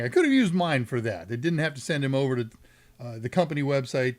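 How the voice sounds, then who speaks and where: A man's voice: on the high side, animated, brisk. A man with a Texan accent hosting a live tech Q&A stream, talking in a rambling, jokey way with asides and self-corrections. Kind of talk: casual live-stream chat.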